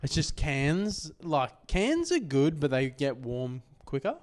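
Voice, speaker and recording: A man co-hosting a podcast, adding short, crude quips and laughing at his friend's story. His voice is high and swings widely in pitch. He speaks slowly. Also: very animated. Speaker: podcast co-host. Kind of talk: casual chat.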